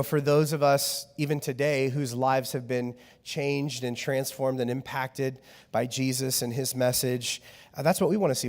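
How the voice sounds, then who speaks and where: A man preaching a sermon as pastor, telling jokes and stories in an animated, lively way. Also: medium pitch. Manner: animated, joking storyteller. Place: church hall. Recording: church hall reverb.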